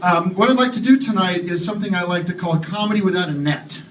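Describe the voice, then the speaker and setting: A man doing deliberately awkward stand-up comedy, halting and stumbling through his jokes with many restarts and ums. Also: high-pitched. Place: live comedy club with audience. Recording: echoey live club recording from far off, loud crowd.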